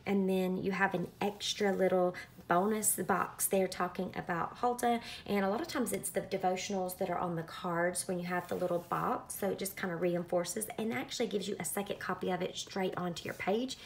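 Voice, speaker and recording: A woman's voice: on the low side, a little hiss or hum. Chatty Southern woman showing her journal. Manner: chatty, many ums, friendly explaining. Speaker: craft vlogger. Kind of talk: casual show-and-tell walkthrough.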